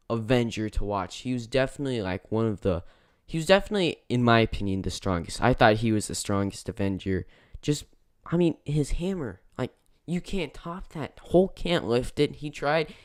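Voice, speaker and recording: Male reviewer, casual and rambling, smooth clear voice, dry close recording. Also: medium pitch, a little mellow, no room sound. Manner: rambling, self-correcting, lots of fillers. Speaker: movie reviewer. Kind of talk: casual spoken movie review.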